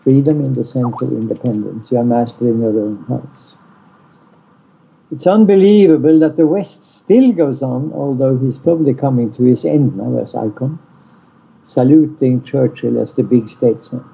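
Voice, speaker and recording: Gravelly dark-voiced man lecturing. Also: medium pitch. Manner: deliberate, stressing single words, blunt. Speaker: lecturer on peace studies. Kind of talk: online seminar lecture. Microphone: video call. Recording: muffled lo-fi call audio.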